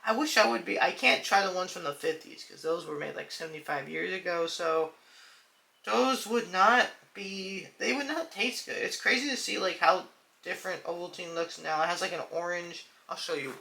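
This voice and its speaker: A man's voice: sits high, normal speed, gravelly, bright, forceful tone. A young man hosting a casual reaction video, rambling with lots of fillers and calling the viewers "dude" and "guys". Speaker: video host.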